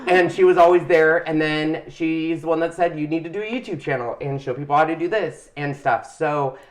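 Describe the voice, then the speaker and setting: A man's voice: a little high, a little fast. A middle-aged man hosting a craft channel, telling his story in a casual, heartfelt and emotional way. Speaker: channel host. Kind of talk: casual chat.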